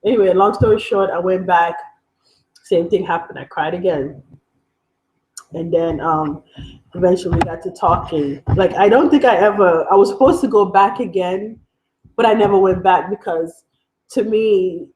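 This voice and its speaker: A woman's voice: fairly low pitch, moderate pace, darkish tone, rough recording. A young adult woman from Africa, telling a personal story in a candid, conversational way that wanders and keeps catching itself. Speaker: vlogger.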